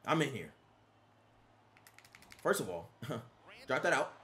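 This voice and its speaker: A young man giving excitable live commentary while playing a video game, often yelling at the screen. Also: mid-range voice, takes it slowly. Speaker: gaming YouTuber.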